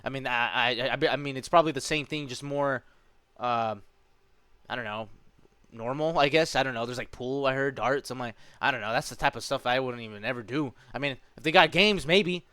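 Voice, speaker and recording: A man's voice: medium pitch, a little fast, bright, forceful tone, clean tone, no room sound. A man in his twenties telling a story in a casual vlog, rambling along with lots of fillers and calling the listener dude and man. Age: 20s. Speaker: vlogger.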